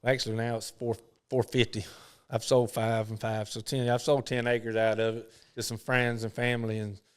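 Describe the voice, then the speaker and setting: A man's voice: mid-range voice, level tone, normal speed, clean tone. A middle-aged man, a professional golfer, telling rambling folksy stories in an interview. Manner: folksy, rambling, lots of "you know". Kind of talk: casual storytelling interview.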